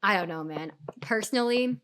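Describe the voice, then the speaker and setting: A young woman streaming a game and chatting casually, full of fillers, her voice rough from recovering from an illness. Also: mid-range voice, normal speed, slight background noise. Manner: chatty, many fillers, animated retelling. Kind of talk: casual storytime while gaming.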